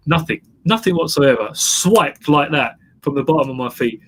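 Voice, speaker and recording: A man's voice: mid-range voice, a little fast, hardly any pauses, fairly bright tone, a little hiss or hum. A man who is a guest entrepreneur, telling his story in an emphatic interview style and repeating phrases for effect. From England.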